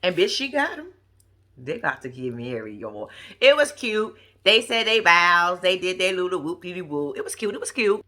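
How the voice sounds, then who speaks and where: Animated sassy woman recapping TV. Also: on the low side, normal speed. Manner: sassy, profane, gossipy; animated, laughs often. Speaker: reality TV recap vlogger. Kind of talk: casual commentary.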